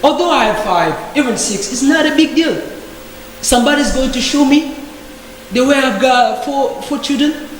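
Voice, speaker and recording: A man's voice: very high voice, lively intonation, normal speed. A man giving an impassioned, indignant speech in a discussion group, repeating rhetorical questions. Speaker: debate participant. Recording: very echoey hall with faint background noise.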